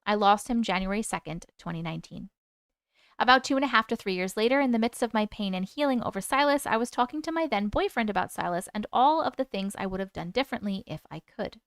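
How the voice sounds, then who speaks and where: Smooth-voiced woman hosting a live stream. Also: medium pitch, lively intonation, fast talker, fairly bright tone, no room sound, clean studio sound. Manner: emotional, reacts openly to chat comments. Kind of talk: reading viewer stories aloud and chatting with live viewers.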